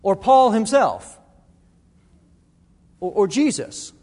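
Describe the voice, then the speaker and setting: Middle-aged guy preaching a sermon, kinda high voice, big reverby church hall. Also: big pitch swings, takes it slowly, a little mellow. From Arizona. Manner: earnest, conversational preaching with restarts. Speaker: pastor.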